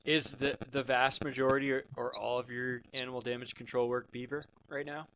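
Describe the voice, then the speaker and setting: A man's voice: mid-range voice, flat delivery, a little fast, a bit bright. A man in a mid-range voice hosts a casual interview. He asks short, direct questions and drops in knowing asides about the trade. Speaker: host, interviewer.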